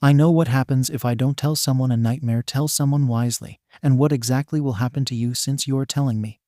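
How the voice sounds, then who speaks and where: Casting: a man voicing a desperate scheming woman in an audiobook, pleading and urgent, low dry voice. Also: steady tone, brisk, warm tone, dry recording, close to an everyday voice.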